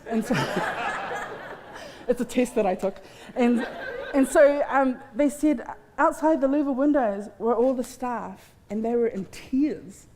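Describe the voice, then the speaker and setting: A crowd can be heard behind a woman whose voice is a little high and whose pace is measured. She gives candid, heartfelt testimony with self-mocking humor as a guest speaker on a festival stage in a large hall. Long hall reverb marks the recording.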